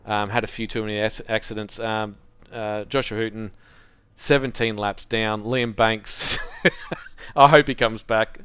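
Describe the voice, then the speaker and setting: A man co-hosts a racing stream in loose, joking banter. His voice is smooth and clear in a dry, slightly dull recording, at a middling pitch. He cuts guests off and laughs easily. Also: little pitch movement, unhurried, a bit bright, no echo. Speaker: esports race co-host. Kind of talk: casual live-stream commentary chat.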